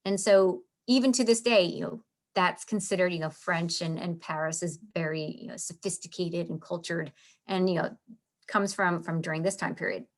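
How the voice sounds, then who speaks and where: A woman's voice: on the low side, normal speed. A woman teaching a literature lesson in a casual, chatty way, often saying "you know" and restarting her sentences. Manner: chatty, many fillers and restarts.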